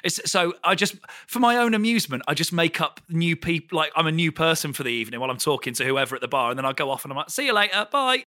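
A man, a comedian hosting, chatting excitably and swearing casually. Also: fairly high pitch, fast talker, few pauses. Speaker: comedian and podcast host. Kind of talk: casual chat.

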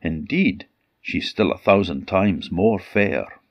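A solemn magic mirror from a storybook, delivering measured rhymes in a low, slow voice, as a male storyteller reads it. The tone is husky. It is a dry, dull lo-fi recording. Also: expressive, exaggerated voice. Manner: measured, rhyming pronouncements.

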